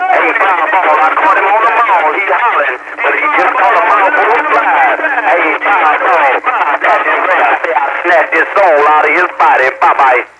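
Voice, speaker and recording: Man on a CB radio, high pitch, loud static hiss, bragging caller. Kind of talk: casual radio chatter. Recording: noisy CB radio transmission.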